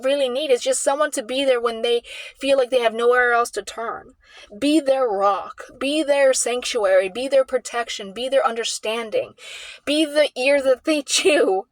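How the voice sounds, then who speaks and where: A woman vlogging an emotional personal story in a rambling, halting way, full of restarts and repeats. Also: high voice, no echo.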